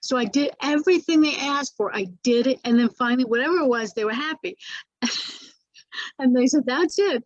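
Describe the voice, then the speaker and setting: A woman's voice: high voice, brisk, no room sound, dull audio. An older woman being interviewed about her acting career, telling stories with many restarts, fillers and laughs. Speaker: actress interviewee. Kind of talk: casual interview recollection.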